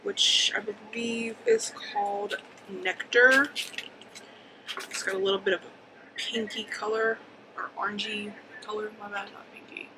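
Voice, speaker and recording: A woman's voice: medium pitch, unhurried, long pauses, background noise. A woman in her twenties talking casually through a makeup tutorial, chatty and a little hyper, rambling with ums and likes. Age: 20s. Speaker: beauty vlogger.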